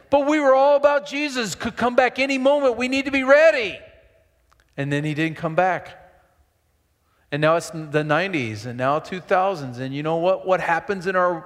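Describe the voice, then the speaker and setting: A middle-aged male pastor preaching a sermon, emphatic and animated, with asides to his congregation. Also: high-pitched. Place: church sanctuary. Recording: long hall reverb in a church.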